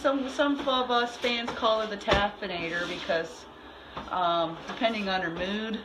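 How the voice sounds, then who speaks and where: A woman's voice: mid-range voice, measured pace, reverberant. A middle-aged woman chatting cheerfully about shelter cats during a casual live video tour. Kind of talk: casual live-stream chat. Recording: phone video with loud background noise.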